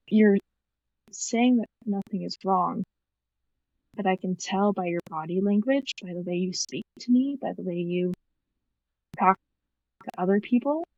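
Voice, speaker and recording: Young woman guest, earnest personal storytelling, mid pitch, dry and slightly muffled recording. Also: a little mellow, no room sound. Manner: earnest, quotes past conversations, many fillers. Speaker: podcast guest. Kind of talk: personal story, casual retelling.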